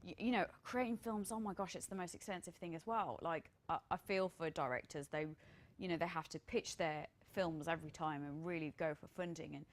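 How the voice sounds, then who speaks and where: A woman's voice: lowish voice, brisk, hardly any pauses. A woman entrepreneur chatting casually and enthusiastically about building her business. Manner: enthusiastic, rambling with fillers. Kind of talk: casual chat.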